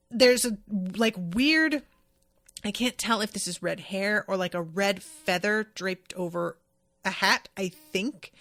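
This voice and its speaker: A woman's voice: mid-range voice, a bit bright, no echo. Chatty woman podcaster, dry close sound. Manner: chatty, rambling, many fillers and asides. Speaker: podcast host. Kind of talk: casual chat recapping an anime episode.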